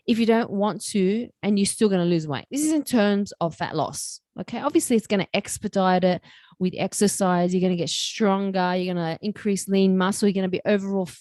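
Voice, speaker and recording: A woman hosting her own podcast, talking in a chatty, joking, animated way. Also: mid-range voice, normal speed, dry recording. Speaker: podcast host. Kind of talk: casual solo podcast talk.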